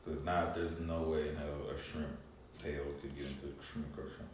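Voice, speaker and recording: A man co-hosting a podcast in casual chat, laid-back and halting, swearing freely. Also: rumbling low, level tone, recorded from a distance. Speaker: podcast co-host. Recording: very echoey room, away from the mic, faint background hum.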